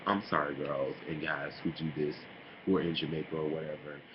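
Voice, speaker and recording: A man in a casual opinion vlog, talking in a sassy, animated way and mocking others with put-on impressions. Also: extremely low pitch, fairly quick. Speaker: vlogger. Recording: dull lo-fi home recording with noise.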